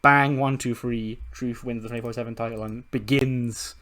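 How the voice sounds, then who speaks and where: A man and gaming channel host, casually narrating a game recap with animated storytelling and frequent laughter. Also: mid-range voice, moderate pace. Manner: animated storytelling, acting out characters, laughing often.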